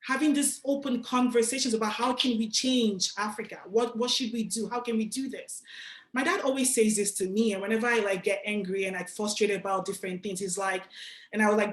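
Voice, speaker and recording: A young woman from Nigeria giving a casual, animated motivational talk to an audience, speaking directly and with slang. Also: mid-range voice, fairly quick, reverberant. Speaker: guest speaker.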